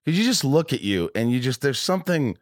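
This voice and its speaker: A man's voice: medium pitch, big pitch swings, fairly quick, no echo, studio quality. A man hosting a podcast in casual chat, rambling and profane with many restarts. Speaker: podcast host.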